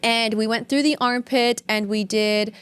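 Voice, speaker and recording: A woman's voice: fairly high pitch, steady tone, measured pace, smooth. A woman guest telling stories in casual podcast chat, full of "like" and quoted dialogue. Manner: chatty storytelling full of "like".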